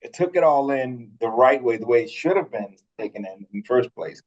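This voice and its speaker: A man's voice: mid-range voice, animated, a little fast, a little mellow, lo-fi sound. A man co-hosting a podcast in casual chat, laughing often and swearing loosely. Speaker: podcast co-host.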